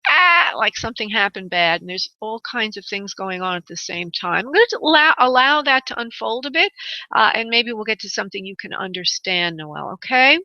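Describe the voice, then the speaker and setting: A woman's voice: a little high, sharp tone, dry recording. A woman hosting a call-in psychic radio show, chatty and rambling, calling callers honey and darling. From United States. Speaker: psychic medium radio host. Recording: dull lo-fi internet radio audio.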